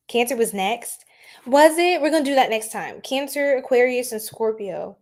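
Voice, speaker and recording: A woman hosts an astrology livestream in loose, slangy chat with a fairly high voice. She laughs often and answers viewers' comments as they come in. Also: expressive, moderate pace, darkish tone.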